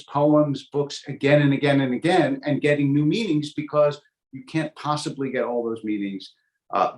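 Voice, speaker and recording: A rabbi teaching a Torah class in a relaxed, thoughtful way, with wry asides and plenty of ums as he works through ideas. His voice sits at a middling pitch for a man. It carries a noticeable roomy echo. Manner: thoughtful, digressive, with frequent ums and wry humor. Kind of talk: conversational teaching.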